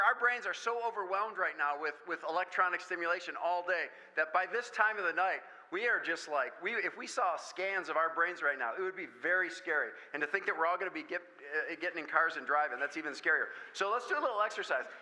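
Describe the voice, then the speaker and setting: A man from Michigan speaking at a school parent meeting, telling jokey stories in an animated way. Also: high-pitched, fairly quick, few pauses, low-quality recording. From Michigan, USA. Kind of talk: lively talk with stories.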